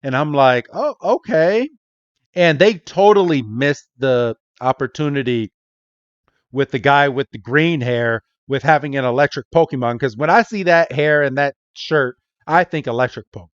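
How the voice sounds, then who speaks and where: A man co-hosting a podcast, recapping a cartoon episode in casual, animated chat, laughing often and swearing bluntly. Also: medium pitch, normal speed, no echo, lo-fi sound. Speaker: podcast co-host.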